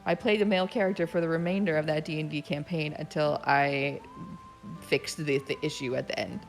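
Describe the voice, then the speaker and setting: A woman guest on a casual podcast chat, speaking in a relaxed, matter-of-fact way. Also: low voice, brisk, soft background music.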